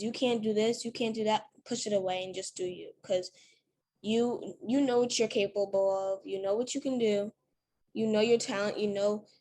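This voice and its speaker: A teenage girl chats easily in an interview, filling her answers with casual fillers. Her voice sits at a middle pitch for a woman, and faint background noise hums under the recording. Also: a little mellow. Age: teens. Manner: chatty, many fillers like "like" and "you know". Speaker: interview guest.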